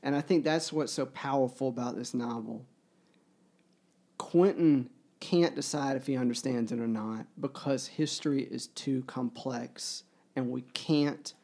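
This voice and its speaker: Mellow-voiced man, earnest and halting. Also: medium pitch. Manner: earnest, halting with many fillers; grows emotional while reading aloud. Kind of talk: book discussion.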